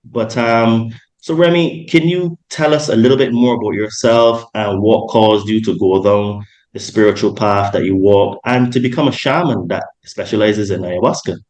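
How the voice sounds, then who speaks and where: A young adult man hosts a casual podcast interview, rambling along with many ums and self-corrections. His voice is fairly low with a darkish tone at a moderate pace, and the recording is rough.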